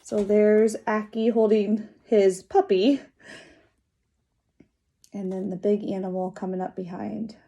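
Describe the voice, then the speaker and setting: A teacher reading a children's chapter book aloud with lively, drawn-out dramatic pauses. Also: female voice, mid-range voice, creaky.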